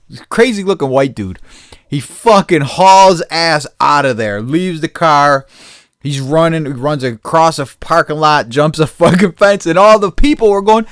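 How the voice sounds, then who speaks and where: A man's voice: a little high, lively intonation, unhurried, fairly bright tone, no room sound, clean studio sound. A middle-aged man hosting a podcast, telling a story casually and profanely and laughing often. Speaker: podcast host.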